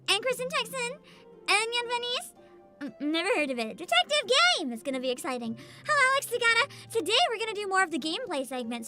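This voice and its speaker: A woman VTuber chatting casually with her livestream viewers in a high, youthful voice, bubbly and animated, with frequent swearing. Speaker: VTuber streamer.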